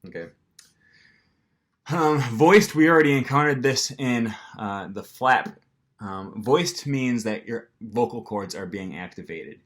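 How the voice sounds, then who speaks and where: A man's voice: medium pitch, lively intonation, takes it slowly, fairly bright tone. A man with an American accent teaching pronunciation to camera in a casual manner, with frequent ums, and acting out the sounds himself. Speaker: language teacher.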